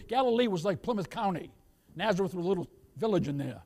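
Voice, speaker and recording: A male pastor with a high, animated voice preaches at a quick pace. He calls the listeners "beloved" and shifts from loud emphasis to hushed asides.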